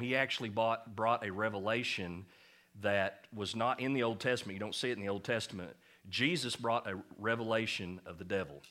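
A pastor preaching to his congregation in a low, forceful voice, hammering points home with a folksy, joking edge. He leans on repetition and plain talk. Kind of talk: sermon.

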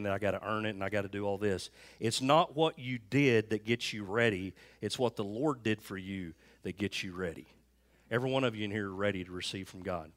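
A man preaches to his congregation in a fairly low voice. He tells stories earnestly, and he often stumbles and restarts a phrase before pressing on. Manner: earnest storytelling with frequent restarts. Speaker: pastor. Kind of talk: sermon. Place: church sanctuary.

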